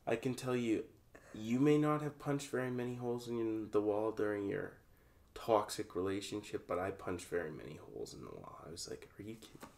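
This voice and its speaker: A man's voice: lowish voice, moderate pace, gravelly, a little mellow. A young man in his twenties hosting a podcast, talking frankly and teasingly with a friend. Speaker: podcast host. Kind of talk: casual conversation.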